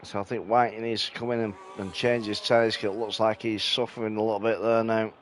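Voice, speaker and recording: A man giving casual, relaxed commentary on a sim race from his sofa at home, sounding a bit sleepy. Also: lowish voice, fairly quick, slight background noise. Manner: relaxed, sleepy, yawning between calls.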